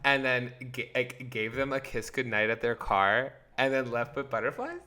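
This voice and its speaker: A man's voice: medium pitch, animated, normal speed, very noisy. A young man co-hosting a podcast, telling a story in a rambling, hesitant way with many restarts. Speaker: podcast co-host. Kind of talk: casual chat.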